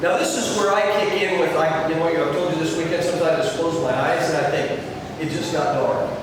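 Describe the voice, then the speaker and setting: Earnest preacher in an echoey church hall. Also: male voice, fairly high pitch. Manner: dramatic emphasis and pauses, earnest. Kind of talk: sermon. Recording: echoey hall, distant mic, noisy.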